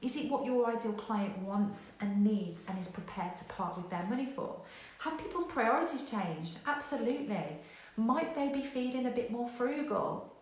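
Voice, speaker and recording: A woman business coach giving a motivational talk, energetic and direct, who acts out panicked voices and swears casually. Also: on the high side, moderate pace. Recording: very echoey room.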